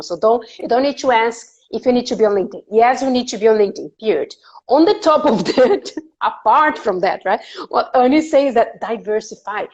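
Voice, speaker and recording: A woman's voice: a little high, darkish tone, lo-fi sound. A woman hosting a career interview, chatty and laughing often as she explains with examples. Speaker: podcast host interviewing a career guest. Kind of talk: casual interview chat.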